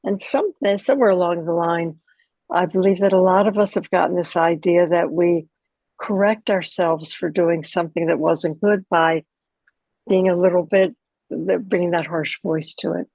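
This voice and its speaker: An older woman teaching a caregiving course in a gentle, chatty way, full of asides. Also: fairly low pitch, fairly even intonation, moderate pace, creaky, dry recording, highs cut off. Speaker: course instructor. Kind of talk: relaxed spoken teaching.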